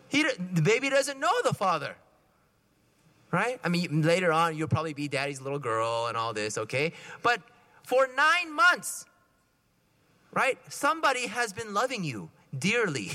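A man preaching a sermon in a conversational, animated way, acting out little scenes as he talks. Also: sits high. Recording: reverberant hall.

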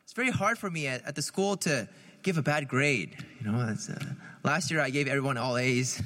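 A man's voice: medium pitch, fairly quick, pushed and bright, big-room sound. A man, a priest, giving a conversational sermon, asking the listeners questions and laughing lightly at his own jokes.

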